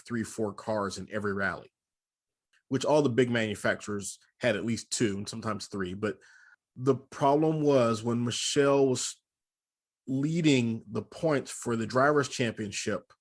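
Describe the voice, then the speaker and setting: A man in the host's chair of a laid-back car show, joking about himself and then settling into long explanations. His voice sits at an ordinary mid pitch, easy and unhurried. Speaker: podcast host. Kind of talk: casual chat and car commentary.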